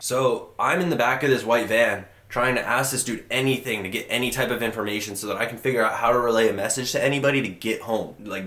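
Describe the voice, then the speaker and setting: A young man in his twenties telling a personal story in a blunt, profane, rushed way. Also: on the low side, fairly bright tone. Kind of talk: personal storytelling, casual monologue. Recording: echoey room.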